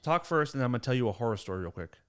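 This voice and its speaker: Swearing, animated podcast co-host man. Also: mid-range voice, racing, clear, resonant tone. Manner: swears freely, teasing, animated storyteller. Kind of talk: casual chat.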